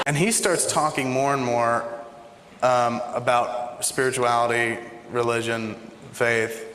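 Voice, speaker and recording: A man's voice: mid-range voice, fairly even intonation, slow, long pauses, noisy background. A man telling a long profane anecdote to a live audience, acting out both sides of a phone call. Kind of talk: animated live storytelling. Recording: echoey hall with faint ambience.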